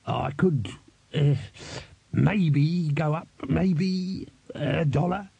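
A man voicing a greedy, fast-talking male street trader who haggles and wheedles. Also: mid-range voice, sing-song, darkish tone, breathy edge, no echo, lo-fi sound, exaggerated voice. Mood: wheedling.

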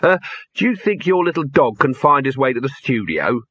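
An uneasy, fussy assistant from a storybook, fretting as he talks, as a man puts him on. A bright, slightly husky voice, recorded dull and lo-fi. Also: medium pitch, big pitch swings, normal speed, no room sound. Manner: uncertain, fretful. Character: nervous fussy male film assistant.

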